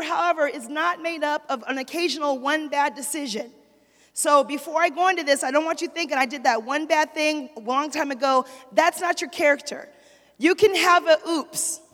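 A woman's voice: high voice, a bit bright. A woman preaching a sermon in a church, telling a story with lots of energy and calling out to the congregation for responses. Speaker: pastor's wife preaching. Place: church sanctuary. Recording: long hall reverb.

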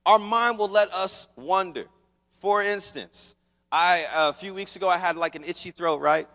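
A young man preaching a sermon as pastor, telling stories with lively, acted-out scenes. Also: high-pitched, moderate pace. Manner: animated storytelling, acts out scenes. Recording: long hall reverb.

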